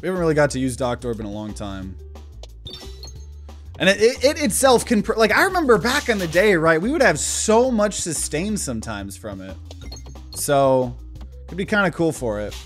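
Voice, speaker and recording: Animated man doing game commentary. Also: on the high side. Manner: casual, animated, thinking aloud. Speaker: gaming channel host. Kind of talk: let's-play commentary.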